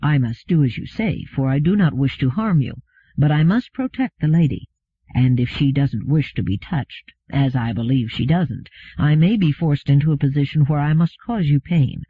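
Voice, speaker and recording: A man voicing a calm, unfailingly polite male humanoid robot who speaks quietly and formally. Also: on the high side, normal speed, slightly rough, no room sound. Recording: phone-like narrow sound.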